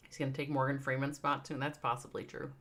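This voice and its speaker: A woman's voice: extremely low pitch, level tone, quick pace, fairly bright tone. A woman with a Midwestern accent chatting casually with viewers on a live game stream, thinking aloud and reading out their names. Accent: American Midwestern.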